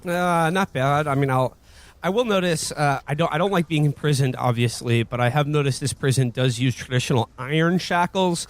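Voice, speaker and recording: A man's voice: a little high, fairly quick. Wry, mock-earnest man at a game table. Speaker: player.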